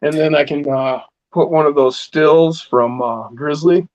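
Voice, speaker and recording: A man with a fairly high voice, chatting casually on a live stream and teasing his friends with plenty of laughs. His audio sounds dull and low in fidelity. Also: measured pace, a little mellow. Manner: joking, laughs often. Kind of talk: casual chat.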